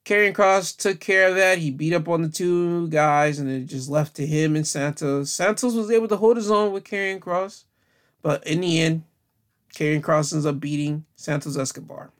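A man's voice: a little high, normal speed. Chatty man recapping wrestling news. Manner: chatty, loose, with many fillers and restarts. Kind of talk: casual spoken news recap.

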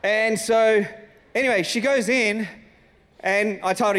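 A man, a senior pastor telling a personal story in a sermon with lively, animated delivery. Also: high voice, measured pace, pauses often. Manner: animated storytelling, acting out his own lines. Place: church auditorium. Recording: reverberant church hall.

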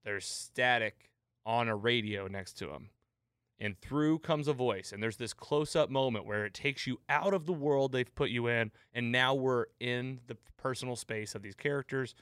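Smooth-voiced man recapping an episode. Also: medium pitch, moderate pace, no echo, studio quality. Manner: animated retelling, laughs at the jokes. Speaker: podcast host. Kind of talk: casual episode recap chat.

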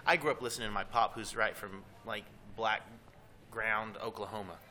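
Easygoing bright-voiced band guest. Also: male voice, lowish voice, fairly even intonation. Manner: easygoing, talks in quick bursts with restarts. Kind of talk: casual interview chat.

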